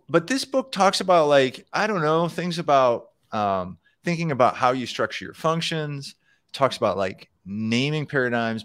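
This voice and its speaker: A man's voice: medium pitch, a bit bright, clear, resonant tone, dry recording, studio quality. A man co-hosting a casual live show about programming, talking loosely with many fillers and restarts. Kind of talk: casual live-stream chat.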